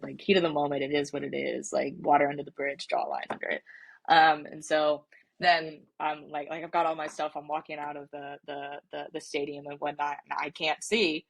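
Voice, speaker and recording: A woman's voice: deep voice, little pitch movement, a little fast, creaky. A young woman in her twenties, a soccer player and podcast guest, telling a story casually with many fillers and restarts.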